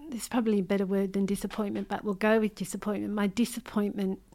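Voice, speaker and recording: A middle-aged Australian woman, an author, telling a painful personal story in an interview, earnest and hesitant, with frequent pauses and restarts. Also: medium pitch, level tone, mellow. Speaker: interview guest, memoir author.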